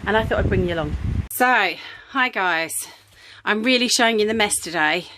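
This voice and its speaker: A woman's voice: mid-range voice, lively intonation, moderate pace, background noise. A woman chatting casually in a home craft vlog, rambling with ums and little laughs, a bit out of breath, filming on a handheld camera. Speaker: craft vlogger. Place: home craft room, indoors.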